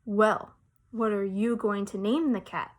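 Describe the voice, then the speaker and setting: A woman voicing a gentle father speaking on the phone in a children's story. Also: high voice, fairly even intonation, a little slow. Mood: kindly.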